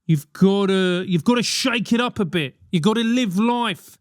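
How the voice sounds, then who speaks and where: Speaking at a normal pace in a high voice, a man in his forties rants through his solo podcast with swearing and mocking impressions. It's studio quality, free of echo.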